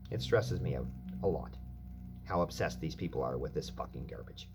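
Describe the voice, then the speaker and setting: A man's voice: rumbling low, expressive, moderate pace, creaky, noisy background. A man delivering a profane, angry rant as a vlogger, swearing constantly.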